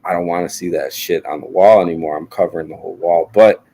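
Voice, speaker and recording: Man, bass-low voice, loose joking rambler who swears freely. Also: fairly even intonation, fast talker, mellow. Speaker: podcast guest. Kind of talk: casual chat.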